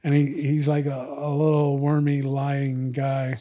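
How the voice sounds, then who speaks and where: A man's voice: medium pitch, completely flat delivery, unhurried, mellow. A man telling a long story in casual podcast chat, acting out other people's lines in raised voices. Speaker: podcast guest, retired fighter.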